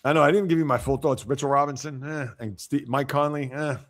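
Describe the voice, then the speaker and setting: A man's voice: mid-range voice, steady tone, fairly quick. A man hosting a casual sports livestream, giving blunt opinions and reacting to viewer comments. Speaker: sports show host.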